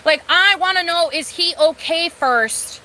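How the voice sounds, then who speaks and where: Tarot reader lady on a live stream, high bright voice, swears a lot and says stuff over and over. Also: measured pace, slight background noise. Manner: blunt, swears a lot, repeats herself when annoyed. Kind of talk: casual live-stream chat.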